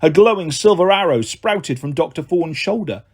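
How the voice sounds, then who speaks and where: Expressive man reading a story aloud. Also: fairly high pitch, moderate pace, husky. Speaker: narrator. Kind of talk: audiobook narration.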